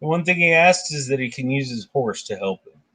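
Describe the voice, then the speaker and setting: A man's voice: mid-range voice, expressive, brisk, bright, forceful tone, low-quality recording. A man hosting a casual book discussion, reading passages aloud and commenting in a conversational way. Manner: conversational, reads passages aloud, chatty asides.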